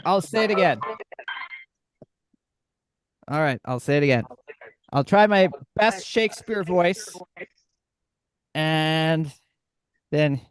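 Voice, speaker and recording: A man's voice: fairly high pitch, dry recording, rough recording. A man hosting a casual online game show, talking in an upbeat, rambling way. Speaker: game host.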